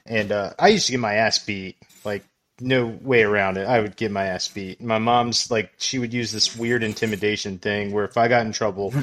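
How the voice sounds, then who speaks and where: A man's voice: on the low side, fairly even intonation, moderate pace, a bit bright, slight background noise. Laughing man telling a crude story. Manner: laughs often while telling stories, crude and profane. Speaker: podcast co-host. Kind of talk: casual storytelling. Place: small studio room.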